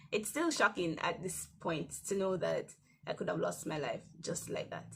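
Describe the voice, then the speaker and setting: Young woman, devotional host, personal testimony, conversational, mid pitch. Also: vocal fry, husky. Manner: conversational, rambling with restarts and soft laughs.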